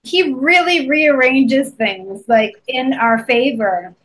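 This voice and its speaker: A woman hosting a faith podcast in casual chat, chatty and quick to laugh. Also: sits high, fairly bright tone, low-quality recording. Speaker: podcast host.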